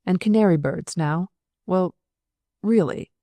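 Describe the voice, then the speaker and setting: A woman voicing a gruff, blustering middle-aged male senior surgeon in a storybook reading. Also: fairly low pitch, a little slow, mellow, dry recording. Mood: flustered.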